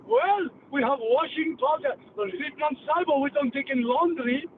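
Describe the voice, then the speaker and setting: A chatty, earnest Pakistani bus conductor, put on by a man, his talk singsong and formal in a Pakistani English accent. The voice sits very high and comes through a thin, phone-like line with a faint hiss behind it. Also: lively intonation, moderate pace, recorded from a distance. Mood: polite.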